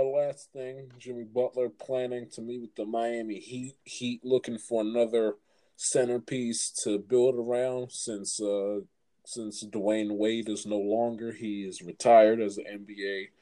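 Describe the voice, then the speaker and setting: A man's voice: medium pitch, fairly even intonation, takes it slowly, mellow. A man hosting a casual sports chat, asking his guest questions and often repeating words as he goes. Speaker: podcast host.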